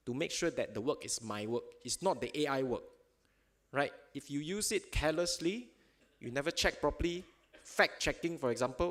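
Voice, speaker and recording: A man speaking at a seminar in an auditorium, in loose, informal phrasing with fillers, ending his points with tag questions and chuckling at examples. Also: medium pitch. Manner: chuckles while telling examples. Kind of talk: conference talk.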